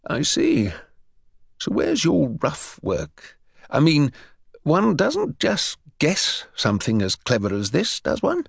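Man doing a pompous old headmaster, lofty and high. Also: wildly swooping pitch, takes it slowly, vocal fry, slightly rough, no echo, studio quality, heavily acted. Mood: probing. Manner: haughty, condescending drawl. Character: older pompous male headmaster, easily angered.

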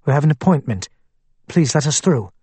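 A man's voice: on the high side, animated, normal speed, mellow, husky, dry recording. A man voicing a poised, defiant woman nurse who speaks firmly and stays unflustered. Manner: firm, unflustered, commanding.

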